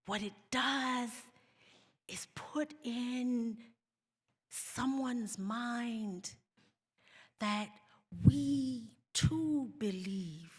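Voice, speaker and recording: A South African woman giving a keynote speech, deliberate, dropping into mocking voices when she quotes others. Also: fairly high pitch, husky. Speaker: keynote speaker. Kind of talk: public speech. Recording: reverberant hall.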